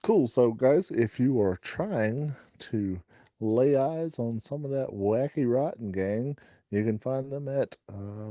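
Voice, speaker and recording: A man's voice: medium pitch, lively intonation, takes it slowly, warm tone, dry recording. A man co-hosting a podcast, telling rambling jokey stories and laughing often. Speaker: podcast co-host. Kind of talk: joking casual chat.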